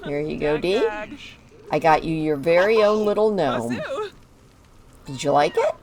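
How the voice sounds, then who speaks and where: A woman's voice: fairly low pitch, sing-song, unhurried, music in the background. A woman chatting casually as she narrates her own moves while playing a life-sim game. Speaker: gaming video creator.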